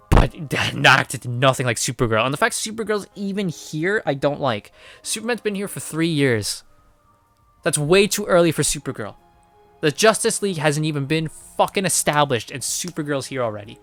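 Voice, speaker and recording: A man giving a casual spoken movie review, rambling and swearing freely, with animated outbursts. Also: a little high, moderate pace, no room sound, faint music behind. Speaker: film reviewer.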